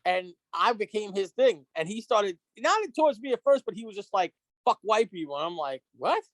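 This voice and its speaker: A man telling a story on a casual podcast, animated and profane, acting out the dialogue. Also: high-pitched, a little fast, dry recording. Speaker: guest.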